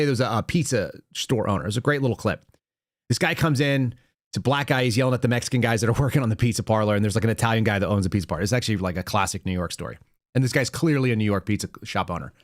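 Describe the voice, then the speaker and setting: A man's voice: medium pitch, no echo, clean studio sound. A man hosting a political podcast, giving blunt, sarcastic commentary full of rhetorical questions. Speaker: podcast host.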